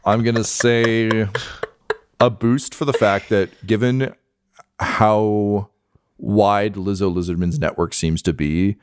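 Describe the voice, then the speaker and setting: A man running a tabletop game as game master, explaining difficulties quickly and joking with his players. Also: on the low side, steady tone, clear, resonant tone, dry recording.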